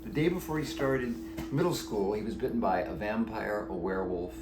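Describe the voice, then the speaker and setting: A man, the author, reading his book aloud in an animated, playful storybook narration. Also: fairly low pitch, brisk, noisy background. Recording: echoey room.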